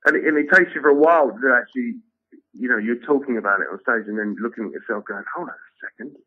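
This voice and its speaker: A man, a comedian telling stories in a rambling, animated way and acting out the voices of others. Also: medium pitch, quick pace, breathy edge. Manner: rambling, animated storytelling with acted-out quotes. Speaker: comedian guest. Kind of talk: casual interview chat. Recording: tinny phone-like sound.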